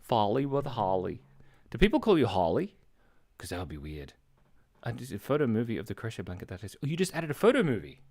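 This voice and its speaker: Speaking briskly with huge pitch swings, an Australian stream host draws while reading chat aloud. His medium-pitched voice is a little mellow, and his chatter is rambling and scattered, full of laughter and reactions to viewers.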